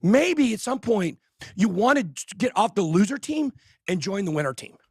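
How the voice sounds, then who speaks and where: High-pitched man ranting loud. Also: very animated, normal speed, gravelly, husky, dry recording, studio quality. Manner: loud, fired-up ranting, shouting insults. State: out of breath. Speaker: host. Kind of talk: ranting livestream talk.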